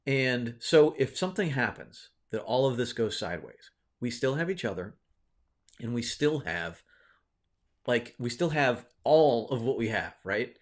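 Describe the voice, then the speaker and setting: A man's voice: medium pitch, sing-song, unhurried. A man hosting his own video, telling a personal story in a casual, rambling way, with many fillers and restarts, often checking in with "right?". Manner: reflective, encouraging. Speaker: video host.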